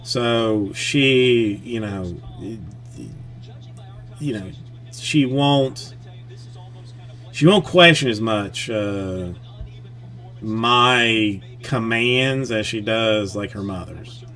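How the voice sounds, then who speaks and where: A man chatting casually on a live stream, his voice bright and forward. He rambles and circles back, with constant "I mean" and "like" restarts as he works through a family story. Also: on the low side, very slow, long pauses.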